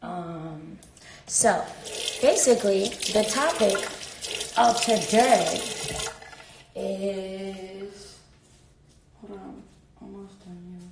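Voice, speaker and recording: Gravelly woman rambling on a live stream. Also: mid-range voice, drawn-out words, long pauses, slight background noise. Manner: rambling, full of "like" fillers; talks while packing a bag. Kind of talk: casual live-stream chat. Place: hotel room. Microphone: phone.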